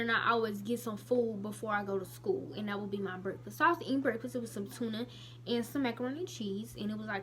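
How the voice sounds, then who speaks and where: A young woman in her late teens, telling a personal story to camera in a chatty, animated way. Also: fairly high pitch, a little hiss or hum. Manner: chatty, animated retelling with lots of "I was like". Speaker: vlogger.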